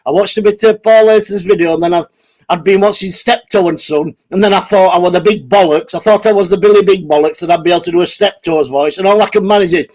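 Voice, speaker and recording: A man's voice: high-pitched, fast talker, darkish tone. A man hosting a casual ranting vlog, sweary and rambling, laughing often. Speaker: YouTube host.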